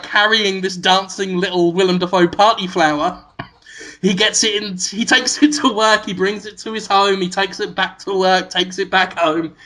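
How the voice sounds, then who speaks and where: A man, a podcast co-host pitching a silly movie idea to his friends in rambling storytelling style, laughing at his own jokes. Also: sharp tone. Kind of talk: comic movie pitch to co-hosts.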